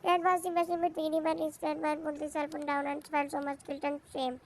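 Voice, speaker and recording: A woman's voice: high voice, little pitch movement, a little mellow, a little hiss or hum, rough recording. A woman reading a romance story aloud, stumbling and correcting herself as she goes. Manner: halting reading with restarts and self-corrections. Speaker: fan fiction reader.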